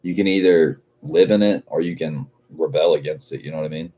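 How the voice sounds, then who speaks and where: A man with a very low, warm, husky voice hosts a loose livestream, reading viewer comments aloud. He jokes around, swears freely and laughs a lot. The audio is dull and lo-fi. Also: brisk. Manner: profane, joking, laughs often. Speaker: livestream host.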